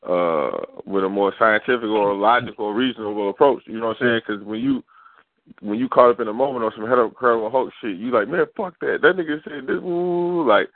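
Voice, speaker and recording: Low-voiced guy rambling in casual chat, dry tinny sound. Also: a little fast, dry recording. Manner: rambling, slangy, animated asides. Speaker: podcast co-host.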